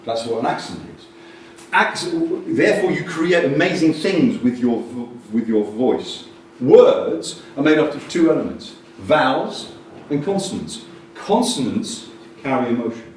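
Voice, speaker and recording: Animated man speaking in an echoey hall. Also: medium pitch, a little slow. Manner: animated, jokey and blunt, with sudden loud bursts. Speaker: conference speaker on communication. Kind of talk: lively conference talk. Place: large conference hall. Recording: distant echoey hall recording with faint noise.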